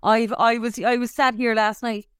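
A woman's voice: a little high, moderate pace, clean tone, no room sound, studio quality. Chatty Irish woman telling a story. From Ireland. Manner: animated storytelling, swears freely. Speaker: podcast co-host. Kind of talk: casual chat.

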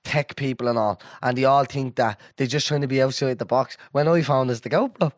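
A man's voice: mid-range voice, fairly quick, no echo, studio quality. Laid-back man bantering. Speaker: podcast co-host. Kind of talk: casual chat.

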